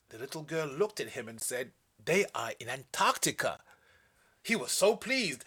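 A young male storyteller reading his own children's story aloud, shouting out the characters' lines. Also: fairly high pitch, expressive, normal speed.

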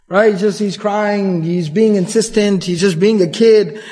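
A man lectures on early Islamic history in an earnest storytelling manner, dropping Arabic phrases as he goes. His voice sits high for a man. The sound rings with the long reverb of a large hall. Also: fast, hardly any pauses, darkish tone. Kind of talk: storytelling lecture on the Prophet's life.

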